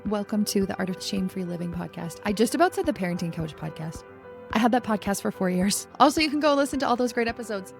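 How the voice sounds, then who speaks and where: A woman's voice: mid-range voice, expressive, fast, gravelly, faint music behind. A middle-aged woman hosting her own podcast, talking in a casual, reflective way and often saying "like". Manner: casual, reflective, conversational with frequent "like". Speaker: podcast host and coach. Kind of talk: solo podcast talk.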